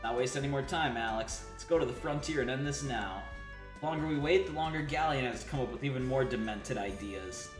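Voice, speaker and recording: A man's voice: mid-range voice, fairly quick, echoey room, over music, lightly acted. A man voicing a whiny, fretful young male mage, reading game dialogue on stream. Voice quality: whiny and mopey.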